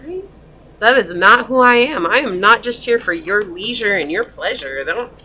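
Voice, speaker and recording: A woman talks through a pick-a-card tarot reading in a casual, chatty way. Her voice is bright and lively, she laughs easily, and she keeps acting out little quoted lines. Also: mid-range voice, normal speed, breathy edge. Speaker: tarot reader.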